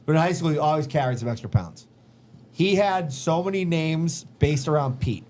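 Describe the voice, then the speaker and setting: A man's voice: fairly high pitch, normal speed. A man hosting a podcast, telling neighborhood stories in a loose, profane way and acting out his friends' lines. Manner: profane, animated storyteller who acts out friends' lines. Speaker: podcast host. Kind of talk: casual storytelling chat.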